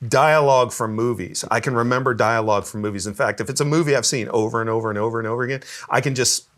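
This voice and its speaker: A man's voice: mid-range voice, fast talker, fairly bright tone. A man telling stories in a casual interview, easygoing, laughing often and repeating words as he starts sentences. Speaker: guest musician.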